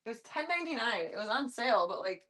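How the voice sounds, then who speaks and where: A woman's voice: fairly high pitch, big pitch swings, fast, a bit bright. A woman live streamer at home, chatting casually and talking to her pets in an amused, baffled way. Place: at home with her cats and dogs.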